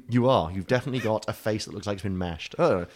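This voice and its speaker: British man, podcast co-host, low voice, rambling, self-mocking, casual chat. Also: racing. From Britain.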